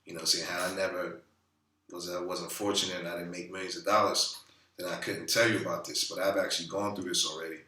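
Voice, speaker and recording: A man's voice: sits low, flat delivery, quick pace, sharp tone, distant mic. A man vlogging casually about money in a loose, profane, rambling way, full of fillers. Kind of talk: casual talking-head monologue. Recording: roomy echo, a bit off-mic.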